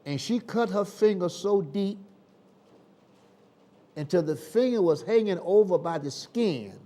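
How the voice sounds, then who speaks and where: Folksy preacher man, slow and dramatic, going loud then hushed. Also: high-pitched, expressive. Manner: dramatic, swings between shouting and hushed tones; folksy, colloquial. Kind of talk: sermon.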